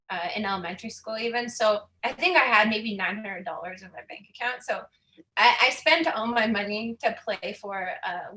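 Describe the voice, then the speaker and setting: A woman's voice: mid-range voice, bright, forceful tone, reverberant. A woman in her thirties from Saskatchewan, giving a candid, chatty personal talk as a guest speaker, laughing often and moved at times. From Saskatchewan, Canada.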